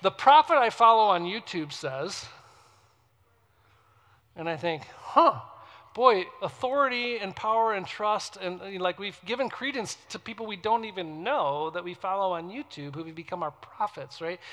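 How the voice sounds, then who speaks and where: A man's voice: high voice, bright, forceful tone, long reverb tail. A man preaching a conversational sermon to a congregation, talking casually and then lifting his voice hard on key words. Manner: conversational, emphatic, rises sharply on stressed words. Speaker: pastor. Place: church before a congregation.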